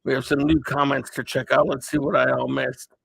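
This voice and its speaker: A male livestream host calls out a mock race while casually chatting, welcoming viewers by name and thinking aloud. His medium-pitched voice is brisk and flat, creaky, slightly rough and a bit bright, with no room sound.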